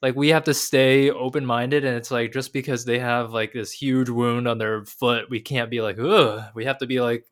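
A young man talks through an anime episode with a co-host in a loose, rambling way. His mid-range voice bounces with animated emphasis and frequent fillers. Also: medium pitch, moderate pace, hardly any pauses, clear, resonant tone. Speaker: podcast co-host. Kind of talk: casual anime episode discussion.

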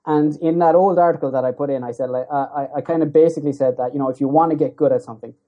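A man speaking as a podcast guest, talking casually and hesitantly with many pauses and restarts. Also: on the high side, fairly even intonation, warm tone. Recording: dull lo-fi sound.

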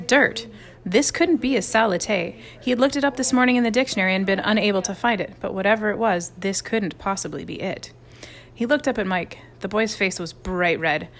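A woman narrating a children's chapter book in a lively, expressive reading. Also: medium pitch. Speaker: audiobook narrator. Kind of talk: storybook narration.

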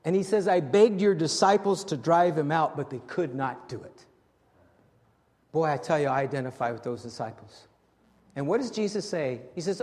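High-voiced preaching man in a reverberant hall. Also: normal speed. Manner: animated preaching that swings from loud to hushed; repeats and restarts words often. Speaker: pastor. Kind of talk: sermon.

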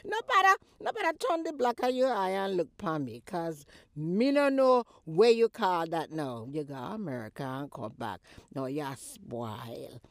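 A woman playing a mother in a comedy skit who scolds and teases her daughter in a loud Jamaican accent, with a lively voice. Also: lowish voice, measured pace, no room sound. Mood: scolding.

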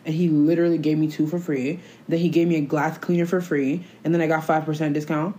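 A podcast co-host with a low voice talks fast, spinning stories in casual, slangy chat. She's animated and acts out the lines she quotes.

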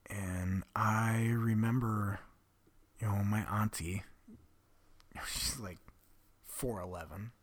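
Slow, husky-voiced man confiding. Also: on the low side, steady tone. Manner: confessional, often dropping to a breathy whisper; blunt, swears freely. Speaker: vlogger telling his own story. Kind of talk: candid personal storytelling.

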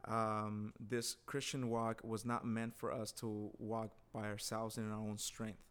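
A man's voice: fairly low pitch, completely flat delivery, a little slow, a bit bright, smooth. A man who is a guest on a podcast, speaking earnestly and encouragingly about his faith in casual conversation.

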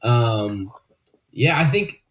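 A man's voice: medium pitch, expressive, extremely slow. A man co-hosting a podcast in casual chat, loose and profane with plenty of fillers. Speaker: podcast co-host.

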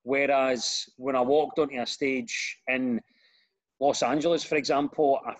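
This is a middle-aged man with a Glasgow accent, talking at an ordinary mid pitch with a lively, conversational flow. He is a comedian in a relaxed chat, self-deprecating and full of anecdotes. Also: unhurried. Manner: chatty, self-deprecating, tells stories with put-on voices. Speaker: comedian and radio presenter. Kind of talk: casual podcast chat.

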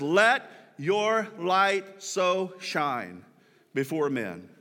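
Bright, lively man preaching a sermon. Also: sits high, in a large hall. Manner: repeats words when building a point; animated, playful asides to the congregation. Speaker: pastor. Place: church hall with a congregation.

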